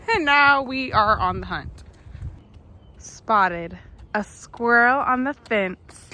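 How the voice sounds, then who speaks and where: A woman's voice: a little high, animated, extremely slow, sharp tone, slight background noise. A young woman vlogging a child's nature walk outdoors in a park, chatty and upbeat with frequent laughter. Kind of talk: casual narration to viewers.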